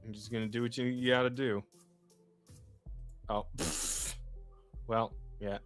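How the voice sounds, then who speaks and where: A man's voice: lowish voice, flat delivery, a little slow, a bit bright, faint music behind. A man co-hosting a podcast, chatting casually and profanely as he reacts to videos, often laughing. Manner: profane, laughing, loose rambling. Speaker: podcast co-host.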